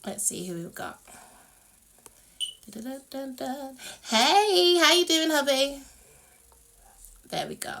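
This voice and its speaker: A bubbly British woman hosts a casual live stream, laughing often and humming filler tunes. Her voice is high and bright, with a lively, swooping melody. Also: slow pace, gravelly, long pauses. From United Kingdom. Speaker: livestream host.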